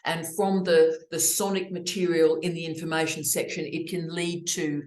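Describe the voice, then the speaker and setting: A woman's voice: low voice, normal speed, roomy sound. Effusive middle-aged woman hosting a webinar. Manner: effusive and expressive. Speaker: host. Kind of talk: casual webinar discussion.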